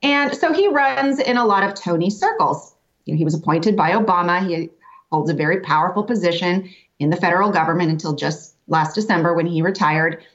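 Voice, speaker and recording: A woman's voice: fairly low pitch, animated, brisk, dull audio. A woman guest in an interview, explaining a topic step by step with light fillers. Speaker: guest reporter.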